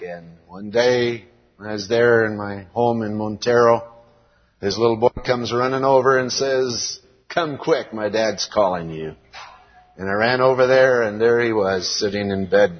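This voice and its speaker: An American man preaching a sermon to young people in a church hall, reading scripture aloud in a slow, earnest way. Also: fairly low pitch. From United States. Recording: dull lo-fi recording with long hall reverb.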